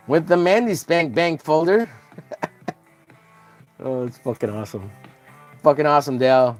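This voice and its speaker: A man's voice: mid-range voice, lively intonation, unhurried, long pauses, no room sound, faint music behind. A man hosting a casual drawing livestream, joking crudely and greeting viewers by name as he works. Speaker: livestream host.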